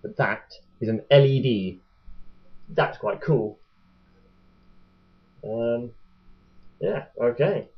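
A man's voice: medium pitch, expressive, drawn-out words, long pauses. Young man, chatty and jokey, rambling unboxing vlog, muffled webcam audio. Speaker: vlogger unboxing a toy boat. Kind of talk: casual unboxing commentary. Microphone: webcam mic.

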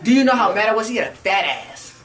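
A man vlogging and telling a crude story in casual chat, animated and tacking "fool" onto nearly every line. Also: sits high, quick pace, far from the mic.

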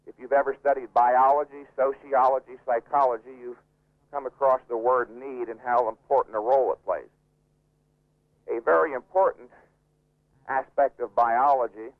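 A man's voice: medium pitch, no echo. Man lecturing on a tinny radio line. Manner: emphatic, lecturing, repeats key points. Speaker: interviewee. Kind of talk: radio interview. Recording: dry, phone-like radio recording.

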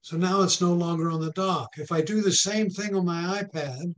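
A man leads a hands-on tech class at a patient, folksy pace and keeps checking that everyone is following. His voice sits a little high for a man. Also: fairly even intonation, normal speed, fairly bright tone. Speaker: technology class instructor. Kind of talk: hands-on tech lesson with a told joke.

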